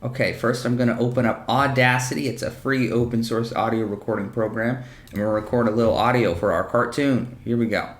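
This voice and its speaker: A man hosting a casual animation software tutorial at a desk mic, chatty and self-deprecating. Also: medium pitch, steady tone, a little fast, hardly any pauses. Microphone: desk microphone. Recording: roomy echo in home room.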